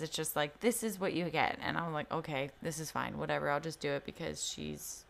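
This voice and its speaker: A woman's voice: sits low, normal speed, gravelly, few pauses, fairly bright tone. A young woman telling a personal story in casual podcast chat, candid and swearing freely, full of "like" fillers. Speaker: podcast co-host.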